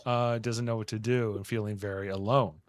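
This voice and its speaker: A man's voice: fairly low pitch, flat delivery, fairly quick, crowd noise. A man hosting a podcast, recapping a TV episode in a chatty, rambling way. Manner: chatty, rambling, many fillers. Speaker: podcast host.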